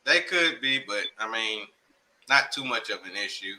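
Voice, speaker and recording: A man's voice: fairly low pitch, expressive, moderate pace, a crowd in the background, rough recording. A laid-back man co-hosting a sports picks show, using slang and reading off game stats. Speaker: co-host. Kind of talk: casual sports chat.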